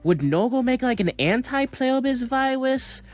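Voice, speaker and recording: A man's voice: very high voice, lively intonation, moderate pace. Rambling man with faint music behind. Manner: rambling, filler-heavy, many restarts. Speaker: commentator. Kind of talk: casual speculative monologue.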